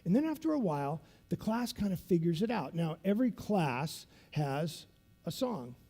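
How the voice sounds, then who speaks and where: A man giving a conference keynote, telling a story in an animated, dramatic way. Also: high voice, normal speed, breathy edge. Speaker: keynote speaker. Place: conference stage.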